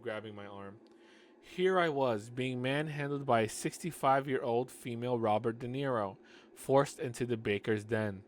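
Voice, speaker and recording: A man's voice: mid-range voice, moderate pace, slight background noise. A man reading a novel aloud, breaking off for sarcastic asides about the writing. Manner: sarcastic asides, frequent restarts. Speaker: audiobook reader and commentator. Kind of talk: casual reading with commentary.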